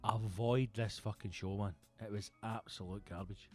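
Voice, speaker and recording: A man with a Glaswegian accent, a comedian hosting his own show, delivering a profane, animated comic monologue. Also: on the low side, moderate pace, faint music behind. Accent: Scottish, Glaswegian. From Scotland. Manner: animated, sweary, acts out characters. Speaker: comedian and podcast host.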